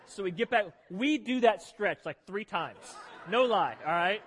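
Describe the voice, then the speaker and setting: High-voiced joking pastor in echoing hall. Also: male voice, normal speed, husky. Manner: animated, joking, self-deprecating. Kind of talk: humorous sermon storytelling. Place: church sanctuary. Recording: long reverb of a large hall.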